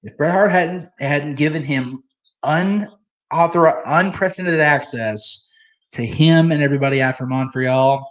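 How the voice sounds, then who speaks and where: Profane, laughing wrestling watch-along host. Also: male voice, a little high, a little slow. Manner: blunt, profane ranting; laughs often. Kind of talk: live watch-along commentary.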